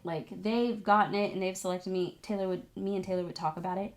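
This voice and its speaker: Speaking fairly quickly with few pauses, this esthetics student and vlogger relays a story to her viewers in a loose, animated way, peppered with "like"s and other fillers. Her pitch jumps high when things get exciting, and now and then she seems close to crying.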